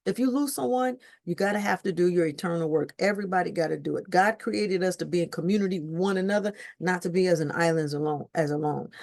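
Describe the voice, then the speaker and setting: A woman's voice: on the low side, a little mellow. A woman in her fifties hosting a faith-based podcast, speaking expressively and repeating phrases with sudden exclamations. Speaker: podcast host. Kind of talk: faith-based grief talk.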